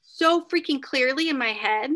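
A woman telling a ghost story in casual chat, full of "like" and "right?", acting out what people said in sudden high bursts. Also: normal speed. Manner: animated, acts out quotes with sudden high bursts; many fillers like "like" and "right?". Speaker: podcast guest.

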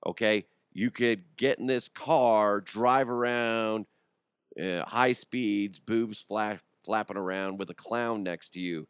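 A man's voice: on the low side, slow, smooth, no echo, studio quality. A young adult man hosting a podcast, riffing and joking in a casual comedic monologue, often laughing and putting on voices. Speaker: podcast host.

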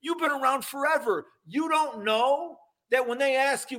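A man co-hosting a casual sports talk show, ranting in an animated way and mocking what others said. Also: very high-pitched, moderate pace, few pauses. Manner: animated, ranting, mocks quotes.

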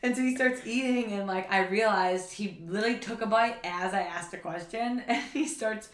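A woman's voice: mid-range voice, normal speed. A young woman co-hosting a podcast, telling stories in a chatty way and laughing easily. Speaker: podcast co-host. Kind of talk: casual chat. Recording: echoey room.

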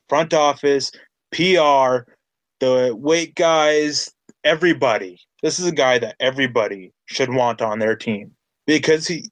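A man with a mid-range voice hosts a casual sports podcast. He speaks with enthusiasm and stacks repeated phrases as his excitement rises. The sound is dry and close. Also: mid-range voice, no room sound. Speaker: podcast host.

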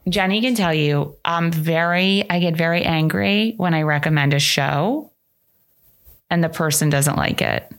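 A woman's voice: deep voice, a little slow. A woman hosting a podcast, chatting casually with her best friend in a playful way and laughing often. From New York City. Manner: playful, laughs often, jumps between ideas. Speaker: podcast host. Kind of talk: casual chat between friends.

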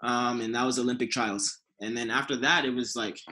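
A man's voice: medium pitch, fairly quick, low-quality recording. A man who is a sprinter, guest in a casual conversation, talking through his career with lots of "like" and "um". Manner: relaxed, filler-heavy recounting.

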